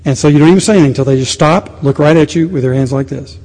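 A middle-aged male pastor preaching a sermon, animated with sudden quiet asides. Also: a little high, very fast. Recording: long reverb of a large hall.

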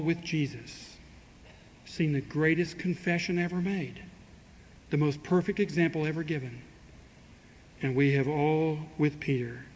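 Here a slightly mellow, higher-pitched male voice gives a conversational sermon, tossing rhetorical questions at the congregation and acting out quotes with dry humor. Long hall reverb and faint ambient noise fill the recording.

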